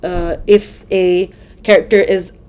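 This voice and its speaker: A woman's voice: fairly low pitch, flat delivery, slow, darkish tone, clean tone. A young woman giving casual exam tips, chatty and full of fillers, often correcting herself mid-sentence. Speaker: student tutor.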